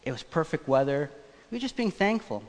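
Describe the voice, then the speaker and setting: A man preaching a sermon, telling a personal story in a conversational, animated way. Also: a little high, a little fast. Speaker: pastor. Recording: long church reverb.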